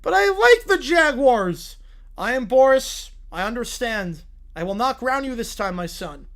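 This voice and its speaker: A stiff, stern cartoon father, voiced by text-to-speech, who talks in slow, measured, formal sentences. His voice sits fairly high and swings around. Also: big pitch swings, a bit bright, full character voice. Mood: solemn.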